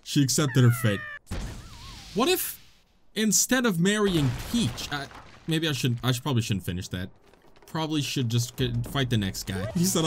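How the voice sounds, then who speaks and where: A young man giving comedic, excitable commentary while playing a video game, laughing often, with game music behind him. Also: on the high side, a little slow, pauses often. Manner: joking, excitable, frequent laughter. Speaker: gaming YouTuber. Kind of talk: comedic let's-play commentary.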